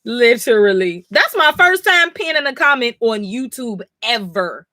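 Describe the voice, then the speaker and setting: A woman's voice: fairly high pitch, sing-song, measured pace, sharp tone, no room sound, studio quality. A woman reading comics live on stream, reacting emphatically, swearing and talking straight to her chat.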